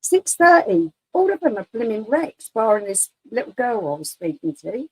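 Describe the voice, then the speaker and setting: A woman's voice: on the high side, sing-song, normal speed, darkish tone, breathy edge, dry recording, poor audio. A middle-aged woman, a mother of young adults, chatting bluntly in a casual way. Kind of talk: casual chat.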